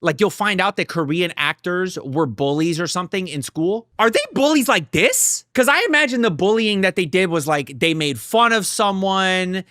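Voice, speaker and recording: A man's voice: lively intonation, normal speed, hardly any pauses, no room sound, clean studio sound. A young man reacting to a drama series, talking casually with heavy swearing and heated outbursts. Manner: profane, heated and emphatic, swings between loud outbursts and low muttering. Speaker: reaction video creator.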